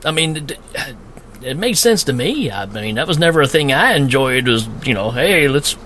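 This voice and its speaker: A man's voice: mid-range voice, sing-song, normal speed, fairly bright tone, a little hiss or hum. A man co-hosting a casual movie commentary chat, laughing often and talking with animation.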